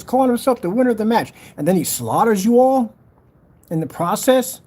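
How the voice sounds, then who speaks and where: Man, casual vlog rant, trash-talking, mellow tone, lively pitch. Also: brisk. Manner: trash-talking, challenging, repetitive. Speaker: vlogger selling projector screen paint. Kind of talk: boastful casual rant to camera.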